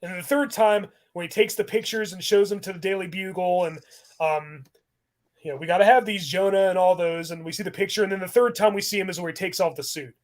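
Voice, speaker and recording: A man's voice: high voice, fairly quick. A man hosting a casual podcast, rambling animatedly about films and laughing often as he talks. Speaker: podcast host.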